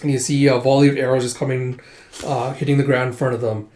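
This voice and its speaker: Male readthrough host, casual filler-heavy retelling, middle pitch, echoey room. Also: flat delivery, fast, a little mellow. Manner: retells with frequent 'it's like' and 'uh' fillers. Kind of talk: casual story recap. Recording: roomy echo.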